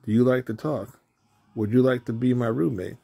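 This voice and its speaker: A lonely little storybook bird, as a man reads him aloud, earnestly asking strangers to share his home. The voice is gravelly and husky, with a plain, middling pitch and no big put-on character. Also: normal speed, warm tone.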